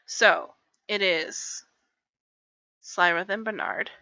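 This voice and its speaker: Woman, game master, bright close voice, casual online session. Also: mid-range voice, no echo, dull audio. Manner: casual, quick asides while running the game. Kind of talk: narrating a tabletop game.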